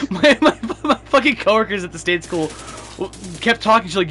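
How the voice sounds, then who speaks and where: A man's voice: sits high, lively intonation, moderate pace, bright, forceful tone, slight background noise. A young man chatting casually while gaming, swearing freely and laughing through his stories. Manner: profane storytelling, laughs often.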